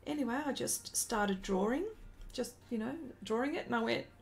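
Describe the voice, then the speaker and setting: A woman's voice: fairly high pitch, moderate pace, creaky. A woman in her forties telling a rambling story during a casual live stream as an artist and host, breaking off to greet viewers.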